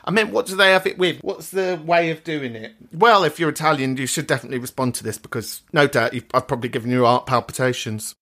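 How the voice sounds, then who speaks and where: A woman's voice: extremely low pitch, quick pace, hardly any pauses, fairly bright tone, a little hiss or hum. A woman hosting a podcast, chatting casually, swearing and laughing as she talks. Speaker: podcast host. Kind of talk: casual chat.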